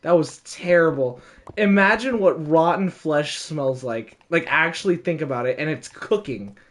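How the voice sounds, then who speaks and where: A young man recounts a story in a relaxed, casual way. His voice sits a little high, and he is animated and quick to laugh. He scatters fillers throughout.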